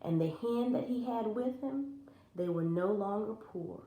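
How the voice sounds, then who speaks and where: A woman teacher reading a children's storybook aloud in an expressive, animated way, recorded in an echoey room. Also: mid-range voice, unhurried. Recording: roomy echo.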